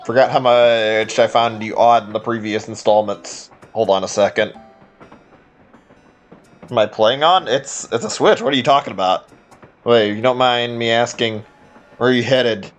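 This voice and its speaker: A man's voice: mid-range voice, normal speed, soft background music. Man muttering through a game stream. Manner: rambling, muttering to himself while typing. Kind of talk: casual let's-play commentary.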